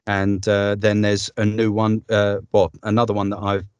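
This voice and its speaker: Low-voiced man, voice actor guest. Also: monotone, normal speed, darkish tone, clean tone, no room sound. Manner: chatty, upbeat, with frequent ums and laughs. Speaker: voice-over artist guest. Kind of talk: casual interview conversation.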